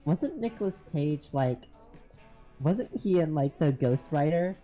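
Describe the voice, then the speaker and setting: A co-host in casual chat over an online call, tossing in quick, loose remarks with fillers. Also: medium pitch, animated, music in the background. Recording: dull lo-fi call audio.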